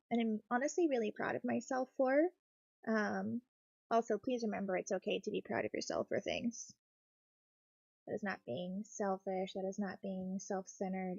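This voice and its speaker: A woman chatting in a gentle, reassuring way while she builds a craft kit, talking close to her desk mic. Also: on the high side, gravelly, no room sound, dull audio. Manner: soft-spoken, reassuring, gentle. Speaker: craft streamer. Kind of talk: cozy casual chat while building.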